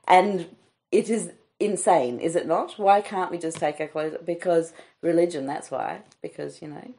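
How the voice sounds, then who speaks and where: An Australian woman hosting a casual comedy podcast chat, telling stories with lively quoted asides. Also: fairly low pitch, normal speed. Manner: storytelling, animated quotes. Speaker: podcast host.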